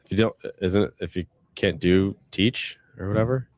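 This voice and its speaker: A man's voice: low voice, normal speed, darkish tone, dry recording. A man co-hosting a podcast in casual, rambling chat with many fillers. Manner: rambling, lots of fillers and laughs. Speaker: podcast co-host.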